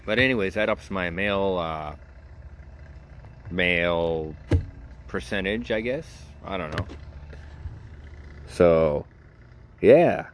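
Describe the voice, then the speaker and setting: A man's voice: low voice, slow, pauses often. A man hosting his own podcast in a casual solo monologue, rambling and joking at his own expense. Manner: rambling, self-deprecating, jokey. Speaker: podcast host.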